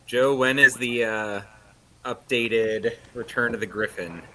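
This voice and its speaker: A man chatting casually on a podcast with a slow, drawn-out delivery. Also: mid-range voice, fairly even intonation, bright, forceful tone, low-quality recording. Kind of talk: casual chat.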